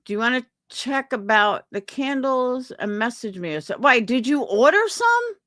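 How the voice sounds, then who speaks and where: Her pitch sits fairly high and sing-song, her pace moderate and her tone fairly bright, recorded clean in a studio without room sound. On her casual chat stream this young woman reads viewer comments, rants with indignation and swearing, and quotes people in exaggerated voices.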